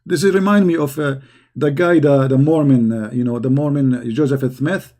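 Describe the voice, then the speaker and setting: A man's voice: mid-range voice, normal speed, warm tone. A man giving combative commentary, mocking and challenging his opponents in broken English. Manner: mocking, challenging, non-native grammar.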